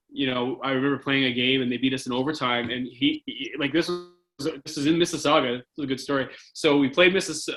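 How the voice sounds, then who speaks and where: On a rough recording, a Canadian former hockey player in his forties tells rambling stories as a podcast guest. His voice is mid-range with a sharp tone, and he uses many fillers and restarts.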